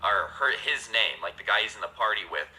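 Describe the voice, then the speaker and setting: A man casually retelling a story for his channel, slangy and energetic, with joking asides. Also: on the low side, fairly quick, low-quality recording. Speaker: YouTube storyteller.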